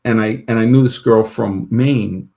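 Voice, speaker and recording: A man's voice: on the low side, measured pace, gravelly, warm tone. A man telling long personal stories in a casual chat, rambling with many restarts and retold dialogue. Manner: rambling, full of restarts and "she goes" retellings.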